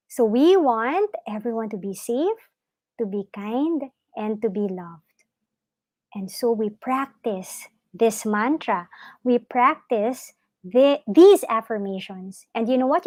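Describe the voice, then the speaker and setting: A woman giving a gentle, encouraging live online talk to parents on mindfulness and yoga, often asking her listeners questions. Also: fairly high pitch, no room sound.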